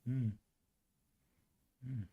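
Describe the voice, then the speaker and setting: A young man rambling in casual talk, swearing, laughing often and repeating short phrases over and over before trailing off into quiet mutters. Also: very slow, narrow, tinny audio.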